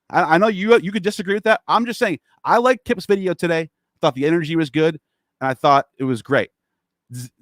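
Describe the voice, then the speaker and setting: A man's voice: high-pitched, fairly bright tone, no room sound, clean studio sound. A man hosting a casual online discussion, talking in a rambling, profane and heated way. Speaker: podcast host.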